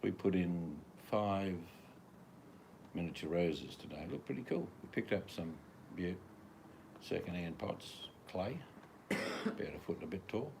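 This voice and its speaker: Deep-voiced older Australian man. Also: expressive, a little slow, vocal fry, pauses often, background noise. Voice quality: laid-back, slang-heavy drawl. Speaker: vlogger. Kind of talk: casual vlog chat.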